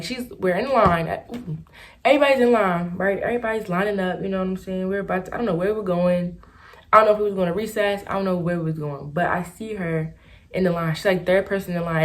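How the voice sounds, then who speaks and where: A young woman talks to her camera in a loose storytime, circling back on herself and packing her sentences with "like" and "y'all." Her voice sits a bit low for a woman, but she jumps up and down in pitch whenever she wants to stress a point. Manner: chatty and rambling, full of "like" and "y'all". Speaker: vlogger. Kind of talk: casual storytime while doing makeup.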